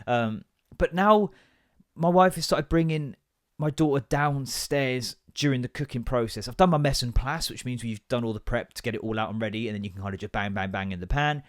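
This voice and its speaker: A man's voice: mid-range voice, fairly quick, dry recording. A man in his thirties rants through a comedy podcast, sweary and exasperated. He sounds close up in a dry, dead room and keeps swinging into mocking voices. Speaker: podcast host. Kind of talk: comic rant.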